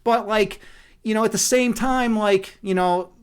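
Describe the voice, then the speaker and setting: High-voiced rambling man streaming. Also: measured pace, clear, resonant tone. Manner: rambling, profane, laughs often. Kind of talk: casual livestream chat.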